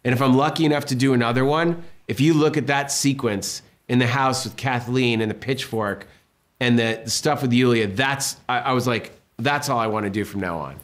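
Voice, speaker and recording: Animated storytelling man from Massachusetts. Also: medium pitch, normal speed. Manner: animated storyteller acting out quotes. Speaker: director being interviewed. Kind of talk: casual interview chat.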